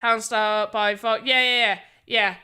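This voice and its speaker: Bright-voiced tired British woman streamer. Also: a little high, fairly even intonation, measured pace. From Britain. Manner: rambling, self-deprecating, often restarts words. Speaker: livestreamer. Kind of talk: casual live-stream chat.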